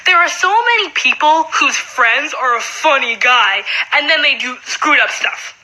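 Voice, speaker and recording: Bright, high-voiced teen girl ranting. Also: lively intonation, poor audio. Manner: fast, frustrated talk full of "like". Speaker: high school student. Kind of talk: casual vlog rant.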